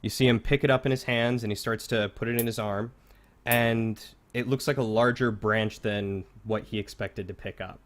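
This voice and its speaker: A man's voice: on the low side, steady tone, moderate pace. A man narrating a tabletop game as game master, in a casual, filler-heavy manner.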